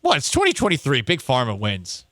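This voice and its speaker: A man's voice: mid-range voice, fairly quick, dry recording, clean studio sound. Joking male sports talk host. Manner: joking, riffing, animated. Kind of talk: casual comedic sports talk.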